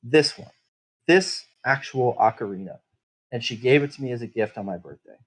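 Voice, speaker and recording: A man's voice: medium pitch, lively intonation, normal speed, slightly rough, low-quality recording. A man playing a tabletop game, telling his character's backstory in first person, bitter and full of swearing. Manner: profane, bitter, rambling storytelling.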